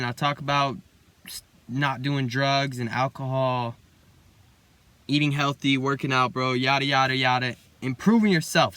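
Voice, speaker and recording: A man's voice: mid-range voice, pushed and bright, no echo. A young man hosting his own self-improvement video, talking in a loose, rambling, slangy way and calling the listener bro. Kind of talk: casual motivational monologue.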